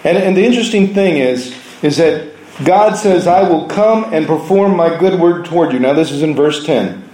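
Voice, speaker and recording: A man preaching a sermon, telling stories from his week in an earnest way, now softly, now with force. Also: a little high, normal speed, roomy sound, a little hiss or hum, rough recording. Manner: earnest storytelling preaching, shifting between soft and raised delivery.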